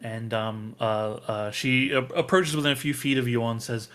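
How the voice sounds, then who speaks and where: A man narrating as game master of a tabletop role-playing game, halting with many ums and uhs. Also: medium pitch, steady tone, fairly bright tone.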